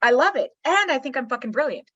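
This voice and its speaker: A middle-aged woman, a psychologist guest, talking candidly in a blunt, profane, animated storytelling manner. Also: high voice, fast, no echo. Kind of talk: candid podcast conversation. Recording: slightly muffled dry recording.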